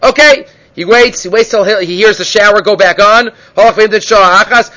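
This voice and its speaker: A man teaching a Talmud class, retelling stories animatedly with frequent Hebrew and Aramaic terms and quick asides. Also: high-pitched, sharp tone. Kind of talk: Talmud lecture with storytelling.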